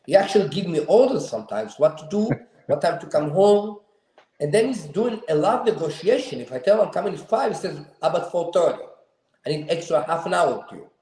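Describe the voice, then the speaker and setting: Male host, earnest storyteller, higher-pitched but warm tone, echoey room. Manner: earnest, emphatic, slightly non-standard grammar. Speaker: show host. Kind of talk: heartfelt personal storytelling. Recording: roomy echo.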